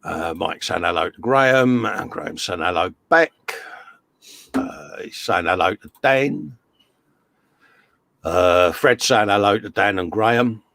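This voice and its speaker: A man's voice: deep voice, expressive, measured pace, vocal fry, fairly bright tone, no echo. Chatty British man hosting a workshop stream. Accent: British English. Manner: chatty, reads out chat messages. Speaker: host. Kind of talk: casual live-stream chat. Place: home workshop.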